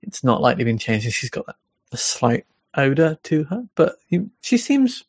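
A game master narrates a tabletop scene in a mid-range voice, pausing and restarting as the details are worked out. The sound is dry and close to the mic. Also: mid-range voice, very animated, husky, no room sound. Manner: halting, descriptive, thinking aloud.

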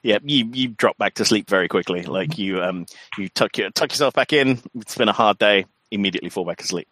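Lower-pitched man running a horror game. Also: brisk, a bit bright, no echo. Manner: loose, filler-heavy narration. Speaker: game master. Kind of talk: narrating a tabletop horror game.

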